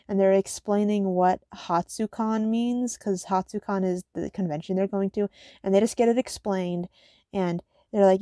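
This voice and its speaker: A woman's voice: medium pitch, mellow, no echo, clean studio sound. Foul-mouthed sarcastic young woman. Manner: profane, sarcastic, exasperated. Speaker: reader reviewing a manga. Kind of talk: casual reading-and-reaction commentary.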